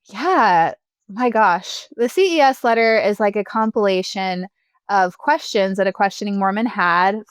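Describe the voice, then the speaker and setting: A woman's voice: mid-range voice, clean tone, no echo. A young woman guest in a casual interview, chatty, laughing often and filling her talk with "like" and "you know.". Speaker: podcast guest.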